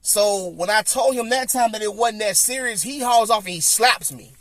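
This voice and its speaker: A man with a Southern US accent hosting a podcast, telling a personal story in casual chat, animated and repetitive, acting out what people said. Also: high voice, moderate pace, dry recording. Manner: animated, repeats himself, acts out quotes. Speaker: podcast host.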